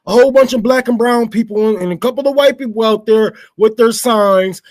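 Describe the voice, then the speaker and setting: High-pitched guy ranting, cussing a lot, lots of questions and stammering. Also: brisk. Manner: profane, stammering, rhetorical questions. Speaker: show host. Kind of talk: unscripted political rant.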